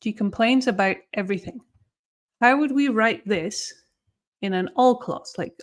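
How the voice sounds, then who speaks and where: A woman in a live online class, explaining grammar to a camera with a lively, fairly high voice. She slows right down on example sentences, drawing the words out for emphasis. She counts students down before each task. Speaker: English exam teacher.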